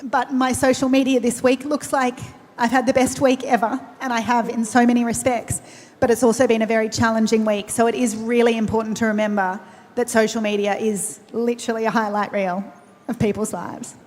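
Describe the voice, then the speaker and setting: On a panel in a big event hall with long reverb, an Australian-accented woman talks in an earnest, personal, conversational way, often restarting. Her fairly high voice has a darkish tone, little pitch movement, and a slightly fast pace.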